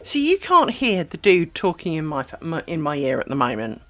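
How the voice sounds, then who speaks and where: A woman's voice: sits low, very animated, normal speed, no room sound, soft background music. A woman from Britain chatting casually on a craft live stream, talking to her viewers and fussing over her dogs.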